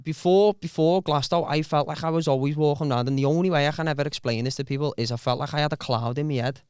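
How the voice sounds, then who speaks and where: A man, a podcast co-host, chatting casually and fast, often breaking in to agree and swearing freely. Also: on the high side, darkish tone, smooth, no echo, clean studio sound. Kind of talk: casual chat.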